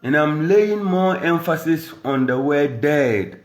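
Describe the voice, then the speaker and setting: Ghanaian man, rapper doing a diss to camera at home, unhurried and mocking, roomy sound. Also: fairly high pitch, animated. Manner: boastful, taunting, mixing English with Dagbani. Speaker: rapper and radio presenter.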